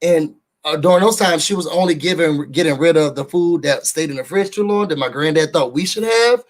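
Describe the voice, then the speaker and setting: A man from New York reviewing a reality show for his viewers in casual chat, an animated, slangy storyteller. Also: on the high side, brisk. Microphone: studio microphone.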